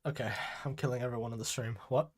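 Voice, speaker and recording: A man's voice: mid-range voice, steady tone, fast. A man hosting a live stream podcast, chatting casually and crudely with friends while sick with a cold. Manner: crude, joking, swears a lot.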